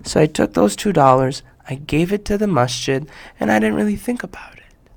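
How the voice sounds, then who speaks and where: A man telling a personal story to children in an expressive way, acting out the voices and dropping to a hush at times. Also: high voice, moderate pace, gravelly. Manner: expressive, acts out quotes, shifts between loud and hushed. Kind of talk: animated personal storytelling for kids.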